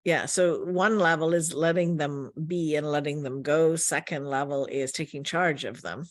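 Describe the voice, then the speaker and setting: A woman's voice: low-pitched, fairly even intonation, normal speed, no echo, clean studio sound. An older woman hosting an interview, reflectively summing up what her guest said. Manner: reflective, sums up guest's points. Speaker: host. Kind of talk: interview conversation.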